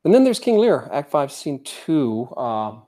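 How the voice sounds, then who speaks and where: A man giving a Buddhist dharma talk at a zen center, speaking haltingly with many fillers and reading quotations aloud. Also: medium pitch, sing-song, mellow. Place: zen center meditation hall.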